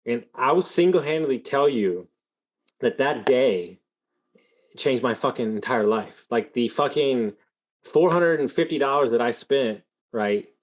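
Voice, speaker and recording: A man hosting a podcast, telling a story in a rambling, animated way, full of fillers and swearing. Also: mid-range voice, measured pace. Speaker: podcast host. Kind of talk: casual storytelling in an interview.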